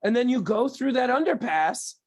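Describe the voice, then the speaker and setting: A man's voice: very high-pitched, animated, moderate pace. A man being interviewed as a guest, explaining his views in a thoughtful, conversational way. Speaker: guest, TV producer. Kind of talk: casual interview chat.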